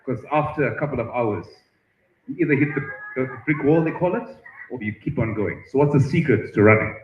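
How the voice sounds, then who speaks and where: A man hosting at a festival tent, chatting with and teasing visitors in a lively way. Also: mid-range voice, fairly quick. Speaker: event host interviewing visitors. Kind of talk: roving live-stream banter. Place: busy outdoor festival tent. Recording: echoey, muffled stream audio with crowd noise.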